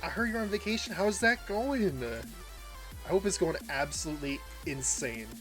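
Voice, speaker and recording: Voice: medium pitch, normal speed, fairly bright tone, faint music behind. A game streamer chatting casually and rambling through a story, laughing often and greeting viewers by name. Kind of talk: casual livestream chat while gaming.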